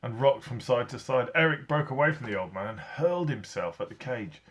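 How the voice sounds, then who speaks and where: A man's voice: medium pitch, animated, fairly quick, a bit bright. A man, a teacher, reading a children's story aloud, acting out sound effects as he goes.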